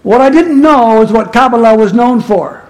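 A man's voice: extremely high pitch, moderate pace. A male pastor preaching a sermon in a conversational storytelling manner that turns emphatic.

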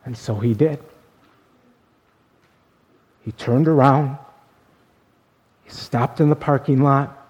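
A male pastor telling a story in a sermon, earnest, swinging between emphatic and hushed. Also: mid-range voice, slightly rough.

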